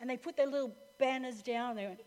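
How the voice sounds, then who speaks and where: High-voiced woman pastor preaching live. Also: fast talker. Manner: animated storytelling, laughs often. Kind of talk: sermon. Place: church hall with live audience. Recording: reverberant live hall recording.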